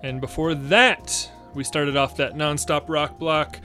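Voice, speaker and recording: A man's voice: fairly high pitch, steady tone, measured pace, sharp tone, soft background music. A man hosting a radio show from a studio, chatting loosely and laughing between jokes. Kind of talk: casual radio chat.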